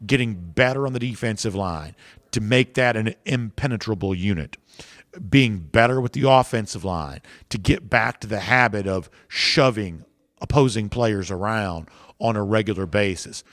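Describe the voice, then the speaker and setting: A man hosting a sports podcast, talking in a measured, analytical and emphatic way. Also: on the low side, a bit bright, no room sound, studio quality. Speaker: podcast host.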